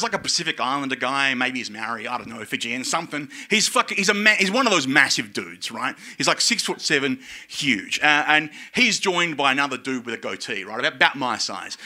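Man, bright forceful voice, swearing and self-mocking, casual storytelling. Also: on the high side. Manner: animated, profane, self-mocking with laughs. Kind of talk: personal story told casually.

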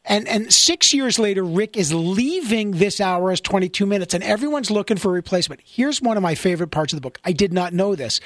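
A man's voice: high voice, expressive, a little fast, few pauses, no room sound, studio quality. A man hosting a casual interview, playful and teasing, full of jokey asides. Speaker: interview host.

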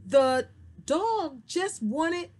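A woman telling a story to children, slow and very expressive, then talking to her young viewers. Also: high-pitched. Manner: slow, sing-song and very expressive.

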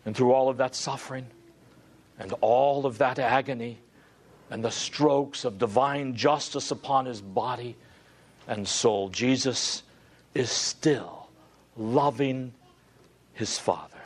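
A man preaching a sermon, swinging from hushed, low passages to loud, dramatic climaxes. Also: lively intonation, takes it slowly, pauses often. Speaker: pastor.

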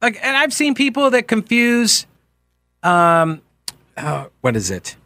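A man's voice: high-pitched, huge pitch swings, slow, over loud music. An American man hosting a talk radio show, rambling and joking in a casual way. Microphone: studio microphone.

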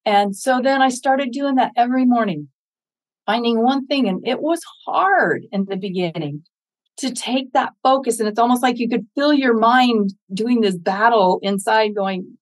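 This older woman from the United States, a public speaker, is interviewed in a rough recording. Her voice is a little high at a moderate pace, and she speaks with earnest encouragement while acting out conversations she has with herself.

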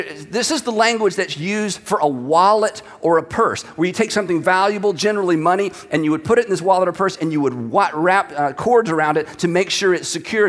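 A male pastor delivers a sermon with a lively, high voice that swoops up and down as he acts out the scripture. His reading is dramatic and expressive. The sound rings with the long reverb of a large hall.

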